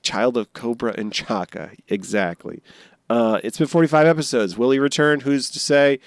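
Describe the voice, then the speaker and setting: Podcast co-host, man, smooth resonant voice, playful and rambling, dry close sound. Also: mid-range voice, moderate pace, no echo. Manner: jokey, rambling, bursts into silly honking bits. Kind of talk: casual chat.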